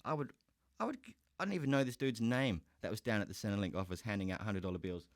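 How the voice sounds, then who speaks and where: A man's voice: on the low side, fast, no echo. Profane Australian man ranting, dry sound. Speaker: podcast host. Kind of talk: ranting solo podcast.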